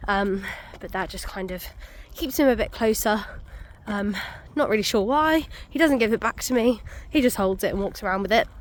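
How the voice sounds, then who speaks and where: A woman's voice: mid-range voice, normal speed, few pauses. A young woman, out of breath, chatting casually to camera on a muddy country walk with many ums. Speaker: vlogger. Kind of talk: casual walking vlog.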